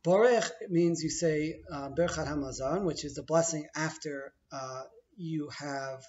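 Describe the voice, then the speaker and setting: This is a middle-aged teacher in a casual explainer, talking through a holiday ritual step by step, chatty and playful, stopping to reword things as he explains. He speaks unhurriedly in a fairly high voice with a darkish tone, captured in lo-fi sound.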